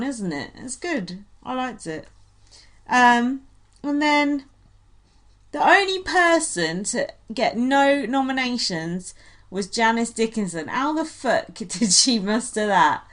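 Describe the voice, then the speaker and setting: A woman's voice: fairly high pitch, slow pace. A woman co-hosting a casual chat, animatedly retelling reality TV moments and slipping into quoted voices. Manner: chatty, animated retelling with frequent quoted impressions. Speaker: podcast co-host.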